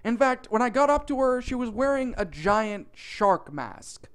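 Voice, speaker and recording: A man narrating a comic storytime in an animated, profane, exaggerated way. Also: extremely high pitch, a little slow, clear, resonant tone.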